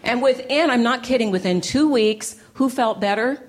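A woman giving a lively talk to a church gathering, telling stories with playful, punchy repetition and plenty of animation. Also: a little high, moderate pace. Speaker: inspirational speaker. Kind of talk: storytelling talk to a live audience.

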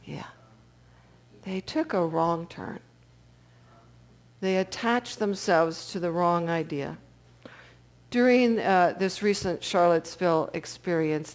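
Woman telling a story to an audience. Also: lowish voice. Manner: engaging, checks in with listeners.

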